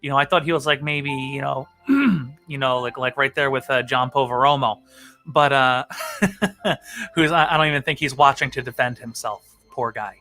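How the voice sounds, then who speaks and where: A man's voice: mid-range voice, fairly even intonation, normal speed, pushed and bright, faint music behind. A man hosting a comedy stream, chatting casually to camera in a rambling, self-mocking way and laughing often.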